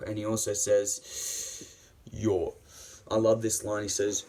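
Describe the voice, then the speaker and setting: A man's voice: fairly low pitch, monotone, a little slow, darkish tone, slight background noise. A man reviewing a series in a casual, enthusiastic, rambling way, swearing often and using many fillers.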